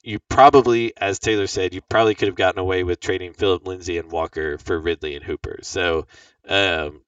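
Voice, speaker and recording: Deep-voiced young man hosting casually. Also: fairly even intonation, a little fast, fairly bright tone, dry recording, far from the mic, highs cut off. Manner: rambling, lots of fillers. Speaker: podcast host. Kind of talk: casual chat about fantasy football.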